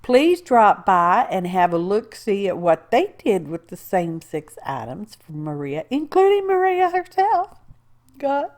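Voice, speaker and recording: A woman's voice: on the low side, expressive, unhurried, hardly any pauses. A woman, chatting her way through a crafting tutorial, rambling with asides and talking to herself as she works. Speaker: craft video host. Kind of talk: casual crafting tutorial narration.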